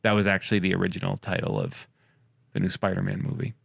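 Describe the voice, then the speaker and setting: A man hosting a podcast in casual comedic chat, rattling off wry, crude shout-outs and jokes. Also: low voice, flat delivery, fast, gravelly, slightly rough. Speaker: podcast host.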